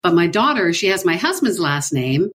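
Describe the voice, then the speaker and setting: A woman co-hosting a talk show, asking questions in a lively, amused way. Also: on the low side, moderate pace. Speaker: co-host. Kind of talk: casual interview chat.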